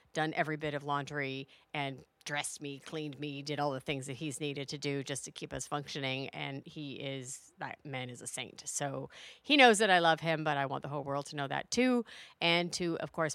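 A middle-aged woman hosts a solo podcast with a low voice and a gravelly edge. Her tone is bright and forward, and she speaks in an earnest, heartfelt way. The close mic sounds dry, with no room around it. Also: dry recording. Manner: earnest, heartfelt, building to a rousing finish. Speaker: podcast host.

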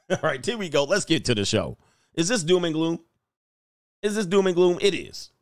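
A man's voice: a little high, animated, normal speed, no room sound. A man hosting a casual livestream, joking and rambling and often laughing as he talks. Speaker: host.

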